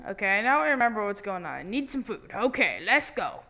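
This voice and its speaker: A man hosting his own gaming channel gives casual let's-play commentary full of random, jokey, excitable banter. His voice sits high, and his pace is brisk.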